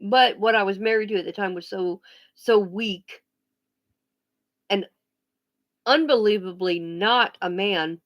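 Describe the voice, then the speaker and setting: A woman ranting bluntly on a casual vlog, swearing freely and often restarting her sentences. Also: medium pitch. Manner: blunt, profane, emphatic; halting restarts and pauses. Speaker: vlogger.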